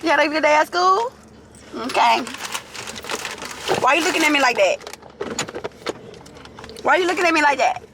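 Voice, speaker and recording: Young woman vlogger, high lively voice, exaggerated slang drawl, recorded in a noisy moving car. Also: normal speed, pauses often. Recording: road noise inside a moving car.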